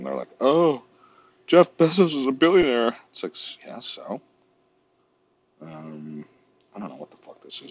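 A man's voice: very deep voice, husky, dull audio. A man vlogging in a casual, rambling, profane way while browsing online, often mocking himself.

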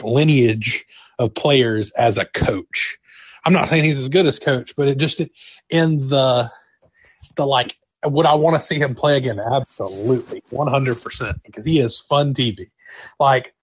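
A man's voice: medium pitch, husky, no room sound. A man co-hosting a casual podcast, chatting enthusiastically and acting out quotes as he talks. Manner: enthusiastic, talkative, acts out quotes. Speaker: podcast co-host. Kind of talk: casual chat.

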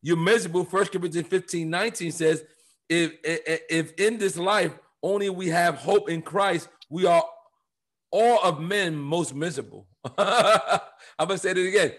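A man co-hosting a church podcast, talking through Bible verses in an emphatic, animated preaching manner. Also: high-pitched, moderate pace. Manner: emphatic, animated, quotes scripture with rising fervor. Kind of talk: preaching conversational Bible talk.

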